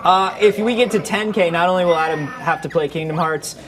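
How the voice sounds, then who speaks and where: Joking man with a slightly high voice. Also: fairly quick, noisy background. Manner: joking, teasing banter. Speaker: livestream co-host. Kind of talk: casual charity livestream chat. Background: music.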